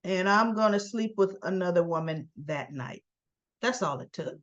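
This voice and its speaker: A woman's voice: fairly low pitch, moderate pace, muffled recording. A woman host recapping a soap opera in a chatty, opinionated storytelling manner. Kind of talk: casual recap narration.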